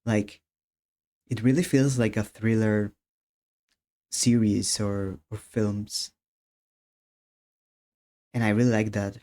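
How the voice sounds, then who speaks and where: A man's voice: fairly low pitch, little pitch movement, takes it slowly, long pauses, mellow. A man chatting casually while streaming a game, laughing often and restarting his sentences.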